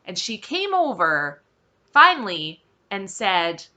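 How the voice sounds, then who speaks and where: Woman vlogging her own story, slow and animated, voice jumping all over, blunt and fed up. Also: medium pitch. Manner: emphatic, candid, exasperated retelling. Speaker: vlog host. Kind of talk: personal storytelling to camera.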